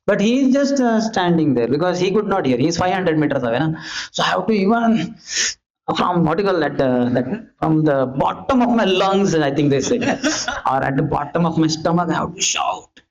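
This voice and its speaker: A man giving a scripture lecture, animated, asking rhetorical questions and acting out calls and pleas. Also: a little high, moderate pace. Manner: animated, rhetorical questions, acts out shouting and pleading. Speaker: preacher giving a scripture class. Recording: dull lo-fi lecture recording.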